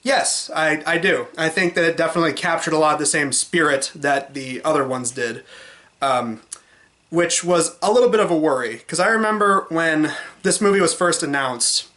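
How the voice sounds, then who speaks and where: A young man talking casually and at length in a movie review vlog, rambling and sometimes mimicking cynical voices in a high pitch. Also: moderate pace, sharp tone. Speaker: movie vlogger.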